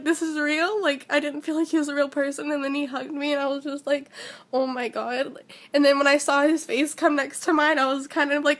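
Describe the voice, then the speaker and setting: A high-voiced teenage girl recounts a personal story in a breathless, gushing rush. Her speech is shaky and tearful, and she leans on "like" constantly. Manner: breathless, gushing, heavy use of "like". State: shaky and emotional, near tears. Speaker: vlogger.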